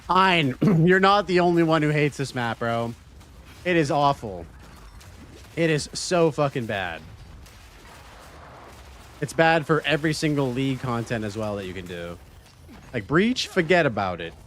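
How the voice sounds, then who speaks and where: A man's voice: fairly high pitch, expressive, a little slow, pauses often, a bit bright, slight background noise. A man from Canada streaming a game, chatting casually with his viewers and swearing freely. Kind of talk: casual livestream chat.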